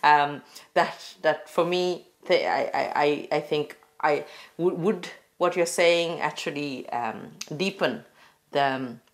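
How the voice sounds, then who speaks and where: A woman's voice: deep voice, slow pace. A woman talking in a hesitant, thoughtful way in an interview. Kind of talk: interview talk.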